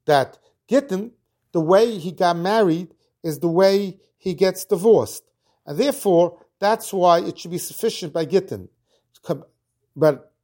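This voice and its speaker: A Talmud teacher gives a lesson, reading Aramaic phrases and then explaining them in English, restarting now and then. His voice is on the high side and a little mellow.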